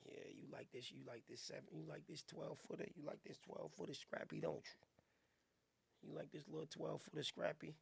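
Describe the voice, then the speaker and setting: Deep murmury smooth talker guy, low and hushed, gravelly, a man putting it on. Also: steady tone, fairly quick, full character voice. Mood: seductive. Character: deep-voiced smooth male seducer.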